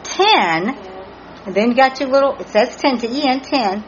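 A woman's voice: a little high, expressive, moderate pace, slight background noise. A woman teaching a Bible study, earnestly spelling out Hebrew words letter by letter. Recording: muffled lo-fi recording with faint background ambience.

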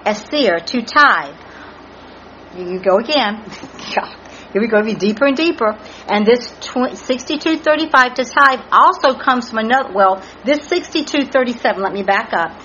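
With a slightly high, somewhat bright voice, a woman earnestly spells Hebrew words letter by letter during a Bible study. A little hiss or hum and faint ambience accompany the muffled lo-fi recording.

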